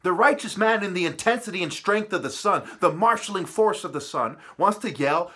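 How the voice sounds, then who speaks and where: A man in a profane, preachy ranting monologue, swinging from muttering to shouting. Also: high voice, animated, a little fast, hardly any pauses, breathy edge. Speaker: vlogger.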